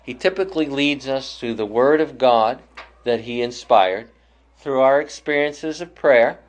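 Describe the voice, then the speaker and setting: A man leading a Bible study class, explaining scripture thoughtfully with frequent pauses and restarts. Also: mid-range voice.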